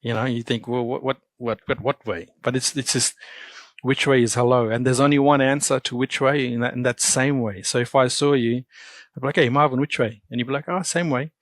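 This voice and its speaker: A man's voice: mid-range voice, steady tone, a little fast, no room sound. A man with an Australian accent, a comedian chatting in an interview, telling stories and acting out the greetings he quotes. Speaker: comedian guest. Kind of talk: casual interview chat.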